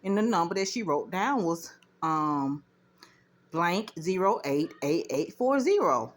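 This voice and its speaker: A woman vlogger at home doing laundry, telling a story casually to her viewers in an indignant, animated way. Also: lowish voice, a little slow. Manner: indignant, animated retelling with quoted dialogue.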